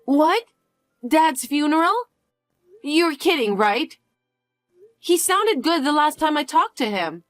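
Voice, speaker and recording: A woman's voice: high voice, big pitch swings, measured pace, fairly bright tone, dry recording, studio quality, faint music behind. A young woman narrating a dramatized story, questioning and incredulous. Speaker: narrator and daughter.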